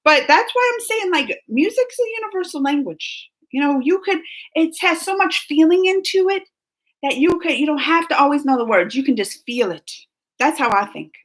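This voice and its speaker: A woman's voice: high voice, expressive, normal speed. A woman streamer chatting casually with her viewers, reading chat comments aloud and laughing often.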